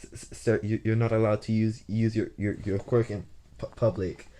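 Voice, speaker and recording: Man reading nurse, flustered, stammery, low and mellow. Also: moderate pace, a little hiss or hum, close to an everyday voice. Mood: stammering. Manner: stammering, scolding. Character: flustered woman hospital nurse.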